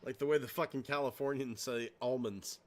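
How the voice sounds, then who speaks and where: A man's voice: medium pitch, fairly even intonation, brisk. A man hosting a casual podcast at his home computer, cracking crude jokes and poking fun at himself. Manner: crude, joking, self-deprecating. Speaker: podcast host.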